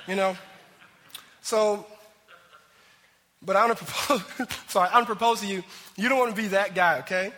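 A man preaching a sermon as pastor, animated and acting out voices as he talks. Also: sits high, fairly quick, long pauses, long reverb tail.

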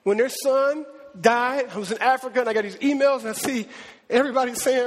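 A man's voice: extremely high pitch, quick pace, big-room sound. A man preaching a sermon as pastor, impassioned, who acts out the voices he quotes and chokes up at times.

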